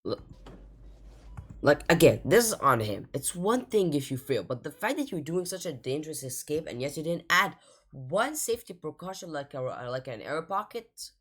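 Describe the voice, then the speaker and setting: A woman's voice: low-pitched, sing-song, normal speed, slightly rough. A woman hosting a reaction video, talking casually and rambling in exasperation.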